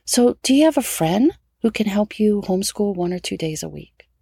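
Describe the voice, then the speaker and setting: Middle-aged woman podcast host, gravelly and mellow, chatty and encouraging, dry close mic. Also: medium pitch, animated, moderate pace, no echo. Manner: encouraging, chatty, rhetorical questions. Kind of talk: casual solo podcast talk.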